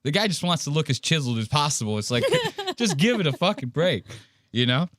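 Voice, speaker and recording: A man hosting a podcast in casual chat, telling stories in an animated, profane way. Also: on the high side, fairly quick, no echo, clean studio sound. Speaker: podcast host.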